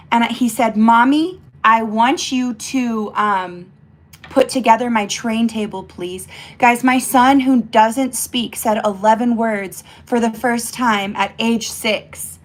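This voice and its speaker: Young mom vlogger, emotional and choked up, talks while doing her makeup, loose and rambling. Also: a little high. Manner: emotional, rambling with many fillers and restarts. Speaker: mother vlogging.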